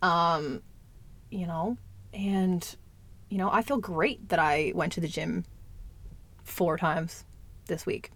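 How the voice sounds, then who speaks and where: A woman's voice: fairly low pitch, slow pace, pauses often. A young adult woman talking candidly in a casual chat, lots of "like" and the odd swear word. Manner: candid, chatty, fillers and swearing.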